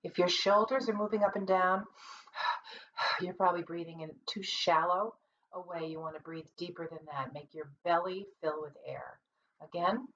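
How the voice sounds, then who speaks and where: Woman, voice and choir teacher, patient practical tone, lowish voice; dull lo-fi laptop recording. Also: normal speed, slight background noise. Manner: calm, explanatory, practical. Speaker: music teacher and conductor. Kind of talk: online singing lesson. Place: home, seated at a computer. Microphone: computer mic. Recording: distant, dull lo-fi computer audio.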